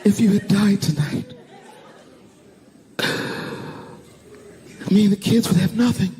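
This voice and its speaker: A man's voice: mid-range voice, very animated, normal speed. A man doing an exasperated wife. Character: upset wife, tearful then scolding. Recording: reverberant live venue with crowd noise.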